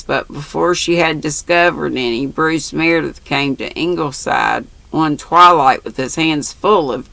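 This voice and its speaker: An older woman reading a novel aloud, unhurried, with small restarts and asides to herself. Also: deep voice, vocal fry, a bit bright, no echo, poor audio. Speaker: audiobook reader.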